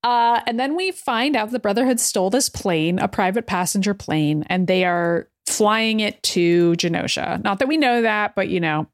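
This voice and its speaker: A woman co-host casually recapping a show, laughing a lot as she retells scenes. Her voice sits in an ordinary middle pitch. The recording is dry and close. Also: moderate pace, hardly any pauses, no echo. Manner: laughs often, quotes characters in flat retellings. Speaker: podcast co-host.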